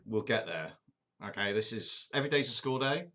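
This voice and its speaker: Fairly low in pitch, his brisk, sharp voice moves with lively intonation. The Englishman streams a football management game in a relaxed way, talking to chat and teasing himself.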